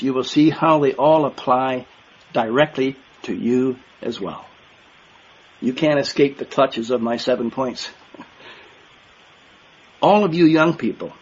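A man's voice: mid-range voice, slightly rough, muffled recording. An older man giving an earnest, emphatic sermon to a congregation, repeating key words for stress. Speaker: minister.

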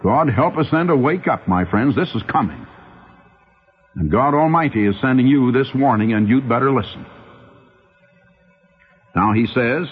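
A man preaching a radio sermon, urgent and pleading, calling his listeners "my friends" and drawing out key phrases with big swings in pitch. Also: expressive, normal speed, slightly rough. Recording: tinny phone-like old radio broadcast with faint hiss.

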